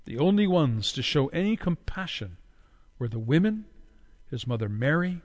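A man delivers a sermon with dramatic force. His fairly high voice slows for emphasis and swings between loud cries and hushed low tones. A long reverb trails behind him as if in a large hall. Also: very animated. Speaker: preacher.

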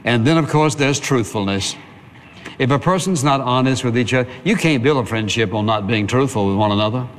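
A pastor preaching a sermon in a plain-spoken, conversational way, piling up repeated phrases for emphasis. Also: male voice, mid-range voice, a little fast, long reverb tail, slight background noise.

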